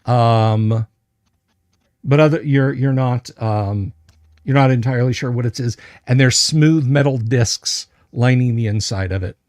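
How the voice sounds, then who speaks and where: A male game master narrates a tabletop livestream at an unhurried, deliberate pace. He circles through fillers and restarts as he describes each object, and his voice sits in the middle of the range. The sound is dry and close, with no room around it. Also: mid-range voice, a little mellow, dry recording. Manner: hesitant, many fillers and restarts; describes items slowly and carefully.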